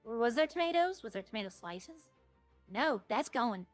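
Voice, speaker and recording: She's streaming a roleplay game and chatting casually as she plays, rambling and breaking off thoughts only to restart them. Her slightly high voice has lively intonation and a moderate pace, sounding dry and close with no echo and faint music in the background.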